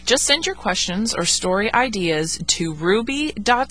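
A woman's voice: a little high, animated, normal speed, few pauses, fairly bright tone. Cheerful female radio co-host. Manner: cheerful, announcing. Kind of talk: casual radio talk.

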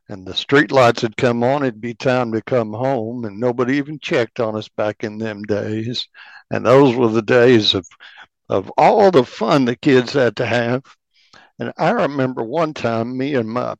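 Slow, rambling folksy male host. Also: mid-range voice, vocal fry, no echo. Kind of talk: casual reminiscing. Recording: dry, dull lo-fi sound.

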